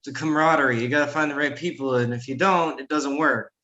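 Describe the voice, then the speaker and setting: A man's voice: on the high side, fairly even intonation, fast, muffled recording, a crowd in the background. Brash, joking man hosting a podcast. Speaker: podcast host. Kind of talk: casual chat.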